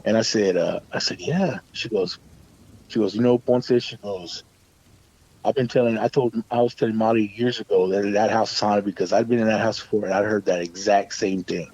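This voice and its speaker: A man's voice: fairly low pitch, steady tone, brisk, darkish tone, slightly rough. A man casually telling a personal ghost story, rambling with many restarts and fillers and swearing now and then. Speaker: guest storyteller. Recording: dull muffled dry sound.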